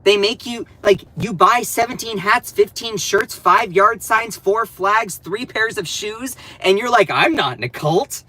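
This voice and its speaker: A man with a Southern American accent talks through political news on a casual live stream. His delivery is sassy and animated, full of teasing asides. His voice is bright and a little sharp. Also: high-pitched, unhurried, few pauses, low-quality recording. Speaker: political commentator.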